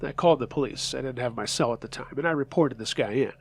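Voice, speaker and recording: A man narrating true scary stories as the host of a horror story show, reading in a measured, steady voice. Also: mid-range voice, vocal fry, breathy edge.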